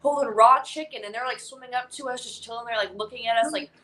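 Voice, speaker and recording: A bubbly woman guest chats on a live stream. Her voice sits high and sounds bright and sharp. She rambles through stories full of fillers. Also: fast, rough recording. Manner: bubbly, filler-heavy storytelling. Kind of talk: casual livestream chat.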